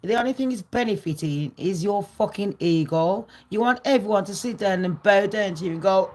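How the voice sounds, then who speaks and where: A woman's voice: medium pitch, lively intonation, a little fast, hardly any pauses. Woman ranting on her gossip vlog, sweary and sarcastic, scornful. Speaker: gossip vlogger. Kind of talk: ranting casual monologue.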